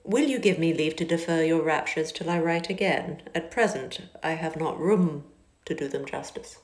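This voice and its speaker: A woman reading a novel aloud and voicing a proud, reserved young gentleman, speaking low, quietly and curtly. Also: moderate pace, lightly acted. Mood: cool. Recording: echoey car interior.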